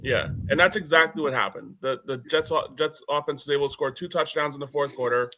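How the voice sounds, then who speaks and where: A man on a sports podcast panel, giving measured, analytical breakdowns of a game. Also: fairly high pitch, sharp tone, slight background noise. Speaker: panelist, Jets fan.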